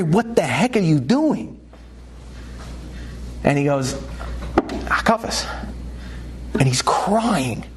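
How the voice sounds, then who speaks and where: A man, a rabbi, telling a personal story in a lively way, laughing as he goes and getting louder and higher when excited. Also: slightly rough. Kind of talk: animated storytelling talk.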